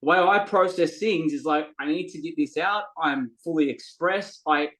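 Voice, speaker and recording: Man, middle-aged, high voice, lively storytelling, quotes voices. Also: moderate pace, poor audio. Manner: animated, acts out quoted dialogue, frequent restarts. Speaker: podcast guest. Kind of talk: casual conversational storytelling.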